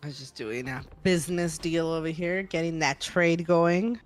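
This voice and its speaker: A young adult woman chatting casually during a co-op game stream, telling stories in animated bursts. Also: sits low, normal speed, faint music behind. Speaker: co-op stream player. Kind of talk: casual chat while gaming.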